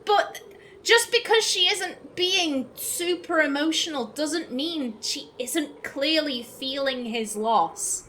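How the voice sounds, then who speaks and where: A woman's voice: sits high, takes it slowly, few pauses, pushed and bright, a little hiss or hum. Chatty woman commenting on gameplay. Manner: chatty, enthusiastic, full of fillers and restarts. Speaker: let's play host.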